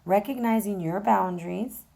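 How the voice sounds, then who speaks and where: A woman's voice: moderate pace, warm tone. A woman giving a casual tarot reading with a tired, worn-out voice, chatting straight to viewers with lots of fillers. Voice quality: gravelly, low voice. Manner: chatty, direct address, many fillers. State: vocally exhausted, voice going in and out. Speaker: tarot reader.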